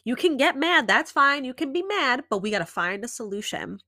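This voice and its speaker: A woman in her thirties hosting a podcast, giving casual advice and acting out inner dialogue in an animated way. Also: sits high, fairly quick, no room sound, studio quality. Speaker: podcast host.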